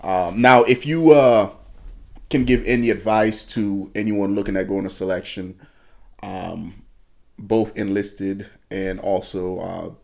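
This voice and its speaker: A man's voice: on the low side, steady tone, slow, creaky, a little mellow. A man hosting a casual interview, laid-back, mostly giving short affirmations and asking questions. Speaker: podcast host.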